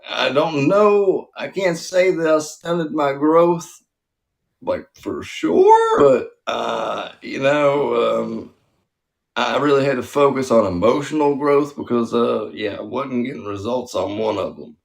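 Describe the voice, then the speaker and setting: Crude comedy host guy, gravelly creaky voice, self-deprecating and sweary. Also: mid-range voice. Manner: profane, self-deprecating, quick jokes. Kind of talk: crude casual comedy banter.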